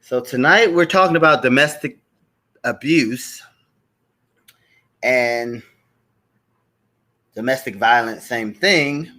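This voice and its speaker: A man's voice: mid-range voice, slow pace, pauses often, pushed and bright. A man hosting a live stream show, chatting casually, greeting viewers by name and repeating his welcomes.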